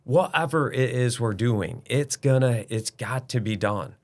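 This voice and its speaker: A man's voice: mid-range voice, a little slow. A middle-aged man, a business owner guest, talking bluntly and emphatically in a casual interview, now and then swearing.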